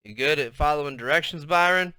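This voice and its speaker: A man voicing an elderly grandmother with a Southern US accent, loud, bossy and doting, speaking in a high, drawling voice. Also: quick pace, clean tone, no room sound, clean studio sound.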